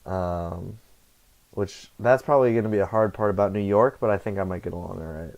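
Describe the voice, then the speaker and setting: A young man talks loosely to his camera, drifting between thoughts, swearing freely and catching his own slips. His voice sits low and crackles with vocal fry. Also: fairly quick, darkish tone. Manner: meandering, profane, self-correcting. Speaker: vlogger. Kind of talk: casual rambling monologue. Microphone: computer headset setup.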